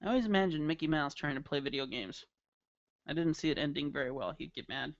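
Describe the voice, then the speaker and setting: Chatty man with a lively, animated voice. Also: fairly high pitch, fast talker, no echo. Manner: chatty, playful, jokey asides. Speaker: caricature artist streaming live. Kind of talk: casual live-stream chat while drawing. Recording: dull lo-fi stream audio.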